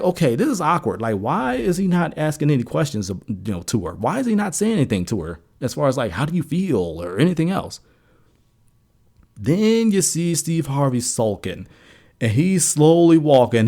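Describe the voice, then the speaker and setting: An American man co-hosting a sports podcast retells an event in casual chat. As he gets into the story, his voice rises high and grows animated.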